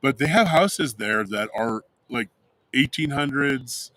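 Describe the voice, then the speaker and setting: A man's voice: medium pitch, lively intonation, slow, a bit bright. A man co-hosting a casual livestream chat outdoors, a playful teller of exaggerated stories. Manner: playful tall-tale teller. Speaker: co-host. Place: outdoors in direct sun.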